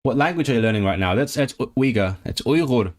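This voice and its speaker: A man's voice: medium pitch, lively intonation, fast. A man from Hong Kong livestreaming for his chat as he learns a language, sounding out and repeating words and correcting himself aloud.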